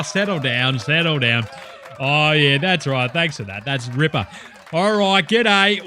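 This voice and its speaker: A man's voice: sits high, bright, forceful tone, no echo, heavily acted. A man putting on a brash, sweary, boisterous Australian cooking-show host in a comedy sketch, with hammy showman patter.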